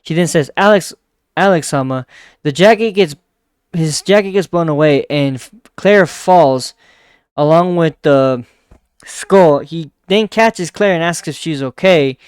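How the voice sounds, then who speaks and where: A man casually retells a manga chapter, often chuckling as he goes. He drops into a softer voice for the characters' lines. His voice is smooth and a little high, recorded dry and close. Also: measured pace, dry recording. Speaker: manga reviewer.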